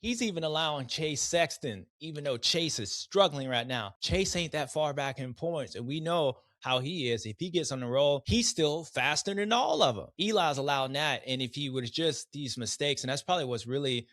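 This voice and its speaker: A man's voice: fairly high pitch, normal speed, hardly any pauses, no echo. Guy hosting a race recap show, loose and slangy, jumps into riders' voices, dry close mic. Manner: animated, acts out riders' voices in quotes; rambling, restarts, slang. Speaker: podcast host, former racer.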